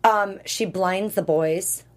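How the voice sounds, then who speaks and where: Excited woman recapping episodes. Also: medium pitch. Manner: enthusiastic, retells scenes quickly. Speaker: co-host of a TV recap show. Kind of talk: casual recap chat.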